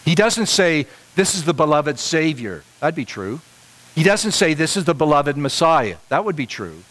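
A middle-aged man preaching a sermon, emphatic and repetitive, pushing his voice higher on the key points. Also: sing-song, normal speed, fairly bright tone, low-quality recording. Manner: emphatic, repeats phrases for stress, rising to higher pitch on key points.

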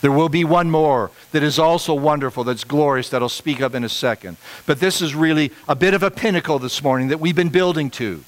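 A middle-aged man preaching a sermon, emphatic and repetitive, pushing his voice higher on the key points. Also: a little fast, hardly any pauses, rough recording. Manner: emphatic, repeats phrases for stress, rising to higher pitch on key points.

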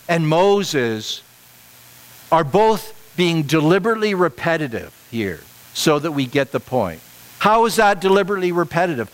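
Slow, emphatic man preaching a sermon. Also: fairly bright tone, low-quality recording. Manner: emphatic, repeats phrases for stress, rising to higher pitch on key points.

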